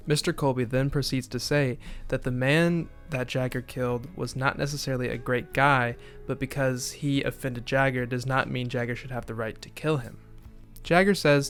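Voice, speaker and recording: A man in a casual spoken recap of a TV episode, talking in a flat, monotone way and sometimes restarting his phrases. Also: medium pitch, moderate pace, clean tone, faint music behind. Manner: monotone delivery. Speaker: video essayist recapping a TV episode.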